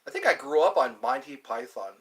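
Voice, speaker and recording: His voice is medium in pitch and brisk, with big swings in pitch. Through a computer mic, the livestream host rambles to viewers in an amused, wandering chat that keeps trailing off into asides.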